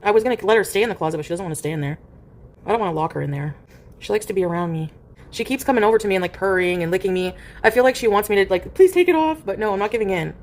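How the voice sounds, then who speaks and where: Her medium-pitched voice races along very fast as she rambles on her livestream, with "like" sprinkled everywhere. The streamer also murmurs baby talk to her cat in a gentle coo.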